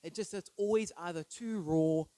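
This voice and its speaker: A pastor preaching an earnest, emphatic sermon full of rhetorical questions. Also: male voice, high-pitched, normal speed, dark tone, dry recording, low-quality recording. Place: church.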